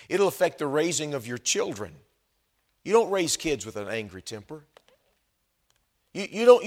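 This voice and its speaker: A man preaching a sermon, swinging between quiet asides and loud, shouted emphasis. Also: a little high, in a large hall.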